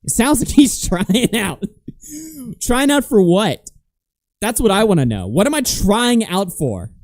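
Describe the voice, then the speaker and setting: A man streaming live, venting in a heated, profane rant before moving on to read viewer donations. His voice sits a little high for a man but has a mellow, soft-edged tone. The close mic leaves the sound dry, with no room echo. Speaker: livestream host. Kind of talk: casual livestream rant and reading donations.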